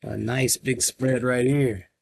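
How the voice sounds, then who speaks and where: A man, a children's librarian, reading a picture book aloud to young children in a gentle manner, stopping to explain the pages. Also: medium pitch, fairly even intonation, slow pace, gravelly.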